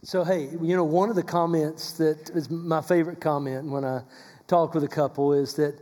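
Male co-host with a mellow, warm tone, easygoing and questioning, recorded with long reverb. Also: fairly high pitch, fairly quick. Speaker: co-host who counsels couples. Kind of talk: casual discussion.

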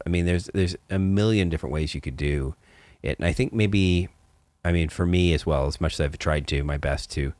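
A man co-hosts a podcast in loose, casual chat, his voice sitting extremely low. He rambles and restarts his sentences in a playful way. The sound is dry and close, with no room around it. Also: a little mellow, no echo. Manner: rambling, self-correcting, playful. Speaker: podcast co-host.

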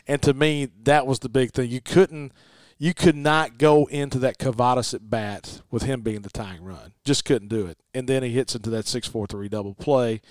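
A man hosting a sports talk show, chatting casually about a baseball game and reading the stats in a folksy, animated way. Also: medium pitch, moderate pace, dry recording. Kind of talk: casual sports podcast chat.

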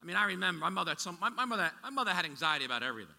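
A man's voice: high voice, big pitch swings, rapid-fire, gravelly, sharp tone. A man preaching a sermon as pastor, talking in a conversational way with many restarts and asides. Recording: echoey hall with long reverb.

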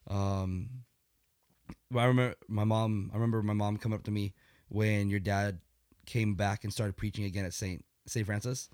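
A man co-hosting a podcast in casual chat, joking and quick to react. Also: on the low side, steady tone, a little mellow, clean tone, no room sound, clean studio sound. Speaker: podcast co-host.

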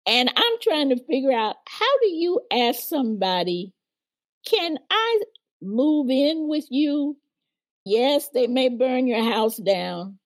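In a high, sing-song voice, a former civil rights organizer now in her older years takes her time as a guest in a storytelling interview. She vividly recounts her past and acts out those she quotes, and the recording is dry.

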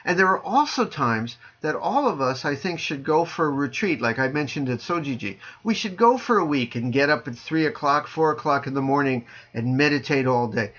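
Man, Zen teacher, podcast chat, dry humor, sing-song delivery, muffled call audio. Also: pushed and bright. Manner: dry joking, playful sing-song delivery, drops low on punchlines. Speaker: Zen teacher answering listener questions. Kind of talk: casual podcast chat over a video call. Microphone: video call.

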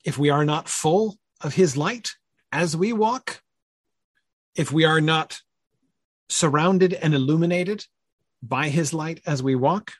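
A man's voice: on the high side, slow pace, long pauses, slightly rough, dry recording, clean studio sound. A man leading a conversational Bible study, thinking aloud with many fillers and checking questions.

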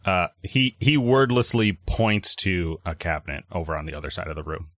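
A man running a tabletop role-playing game as game master, talking in halting bits full of fillers and restarts. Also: deep voice, expressive, a bit bright, dry recording, studio quality.

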